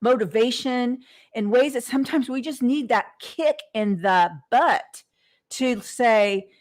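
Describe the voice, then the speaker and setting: Slow-talking podcast host lady, earnest motivational rant, lots of ums and restarts. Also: a little high, darkish tone. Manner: earnest, repeats words, many fillers and restarts. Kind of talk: unscripted motivational monologue.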